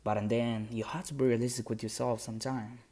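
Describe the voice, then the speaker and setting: A man's voice: mid-range voice, little pitch movement, quick pace, a little mellow. A man telling a motivational story on a podcast in earnest, plain-spoken English with non-native grammar.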